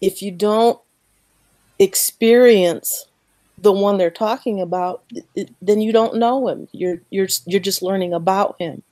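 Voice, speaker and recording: A woman speaking slowly and earnestly about her faith as a guest, emotional and close to tears, repeating words as she goes. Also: medium pitch, dark tone, no room sound. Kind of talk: emotional faith talk on a podcast.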